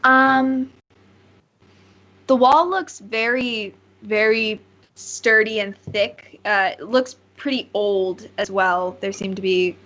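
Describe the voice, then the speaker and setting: A woman's voice: mid-range voice, fairly bright tone. A woman narrating as game master of a tabletop game, rambling and searching for words with many fillers.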